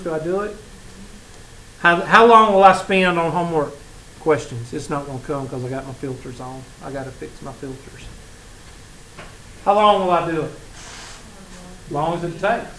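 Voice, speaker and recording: A man's voice: on the high side, fairly bright tone, slight background noise. A man with a Southern accent teaching a college math class, telling stories and joking with his students. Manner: folksy, joking, teasing the class. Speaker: math instructor. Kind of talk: classroom lecture with storytelling. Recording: echoey classroom with faint ambience.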